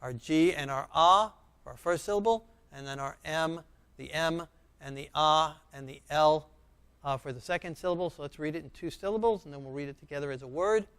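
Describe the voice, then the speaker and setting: A man teaching a beginner Hebrew lesson, speaking slowly and patiently and repeating each sound and word for learners. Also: a little high, a bit bright, clean tone.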